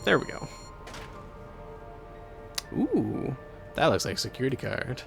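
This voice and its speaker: A man's voice: medium pitch, huge pitch swings, measured pace, vocal fry, long pauses, faint music behind. Man chatting through a game stream. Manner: chatty, thinks aloud while playing. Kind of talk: casual live game playthrough commentary.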